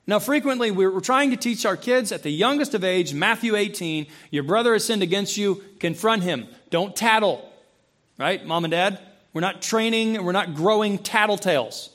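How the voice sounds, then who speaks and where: A man with a high, light voice preaches a sermon into a close microphone. He throws questions at his listeners and acts out voices. His delivery swings from loud, high emphasis down to low, quiet intensity. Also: animated, normal speed. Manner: acts out quoted voices and asks the congregation questions. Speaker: pastor. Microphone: handheld or stand mic, close.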